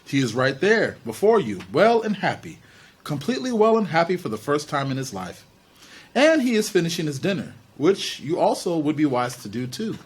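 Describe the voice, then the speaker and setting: A man voicing a calm, sinister alien ruler who speaks in a cold, condescending way. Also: on the high side, moderate pace, slightly rough.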